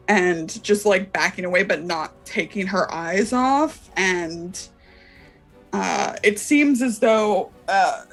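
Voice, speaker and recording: A woman player describing her character's actions in a tabletop game, slow and thoughtful with many pauses. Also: mid-range voice. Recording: light background music.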